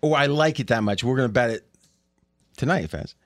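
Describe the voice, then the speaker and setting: A man hosting a sports betting podcast, telling stories with lots of laughter and quick restarts. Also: mid-range voice, soft background music. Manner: animated storyteller, laughs often. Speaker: podcast host. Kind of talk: casual sports betting chat.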